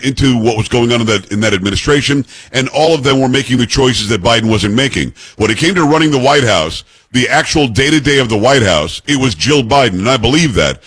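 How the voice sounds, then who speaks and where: A man's voice: mid-range voice, a bit bright, slightly rough, dry recording. A man hosting a call-in radio talk show, opinionated and emphatic as he argues points with callers. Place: radio studio.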